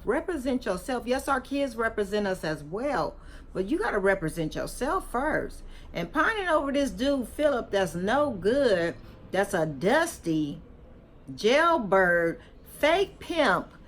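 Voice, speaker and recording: Emphatic woman vlogger scolding. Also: on the high side. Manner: emphatic, repeats herself, scolding and preachy; casual slangy talk, chewing gum. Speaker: vlogger reacting to a video. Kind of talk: opinionated reaction vlog.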